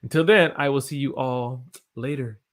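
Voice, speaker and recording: A man's voice: mid-range voice, moderate pace, fairly bright tone. A man with an American accent teaching English on a live stream, reading viewer comments aloud and exclaiming about quirks of the language.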